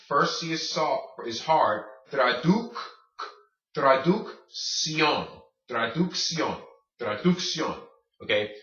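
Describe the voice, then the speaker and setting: A man teaching a casual language lesson, patient, repeating words slowly and checking in with "okay?". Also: medium pitch, bright, forceful tone. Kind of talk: casual classroom-style lesson. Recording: roomy, distant, dull lo-fi sound.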